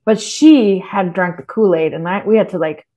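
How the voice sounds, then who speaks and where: Animated, swearing woman guest in casual chat. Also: medium pitch, normal speed. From Texas. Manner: animated, swears freely, laughs often. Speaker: podcast guest, writer.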